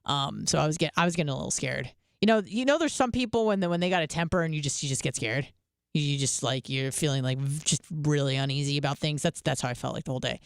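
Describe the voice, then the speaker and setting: A woman's voice: low-pitched, fast talker, vocal fry, smooth, dry recording, clean studio sound. A woman hosting a radio show, telling a candid, rambling story full of fillers and casual swearing. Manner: chatty and candid, heavy on fillers, swears freely.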